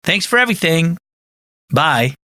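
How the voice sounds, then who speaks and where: A man's voice: fairly high pitch, very animated, unhurried, bright, forceful tone, no echo, full character voice. A man imitating a young former party-goer praying in a plain, casual, friendly way.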